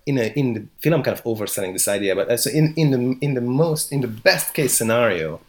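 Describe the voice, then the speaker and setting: A man's voice: mid-range voice, animated, fast talker. A middle-aged man, a philosopher, talking as a podcast guest with many restarts and hesitations. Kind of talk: podcast interview.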